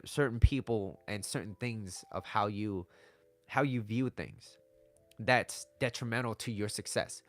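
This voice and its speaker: A man's voice: on the low side, a bit bright. A man giving blunt relationship advice in a casual talk to camera, swearing freely and checking in with "right?" again and again. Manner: blunt and conversational, swears, keeps asking "right?". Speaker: dating and relationship advice vlogger.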